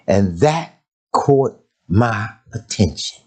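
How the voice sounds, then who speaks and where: An older male preacher delivers a sermon in a storytelling manner. His pitch swings widely as he moves between his own voice and quick impressions of his parents and grandmother. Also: very animated, a little mellow.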